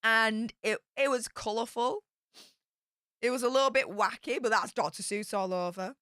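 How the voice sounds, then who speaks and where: Woman, young, livestream chat, excitable, crisp bright tone, fairly high. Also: normal speed, no room sound, clean studio sound. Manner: chatty and excitable, with bursts of squealing. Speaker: YouTube streamer. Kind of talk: casual livestream storytelling.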